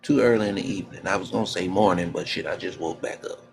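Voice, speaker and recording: A man doing casual, heated debate banter on a panel, talking loud and joking with lots of trash talk and laughter. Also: deep voice, fast, creaky.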